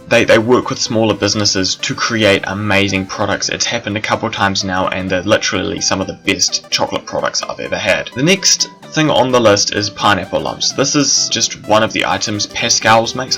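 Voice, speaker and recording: A man's voice: lowish voice, bright, forceful tone. A young man with a New Zealand accent, vlogging in a chatty, rambling way with fillers and restarts. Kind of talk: casual talk to camera.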